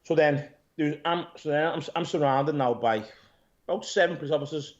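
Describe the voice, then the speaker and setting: A man, an interview guest who owns a gym, retelling events in a rambling, animated way, swearing and calling people "mate". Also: fairly high pitch, fairly quick. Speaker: interview guest, gym owner and pro bodybuilder. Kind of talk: casual storytelling interview. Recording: dull lo-fi audio.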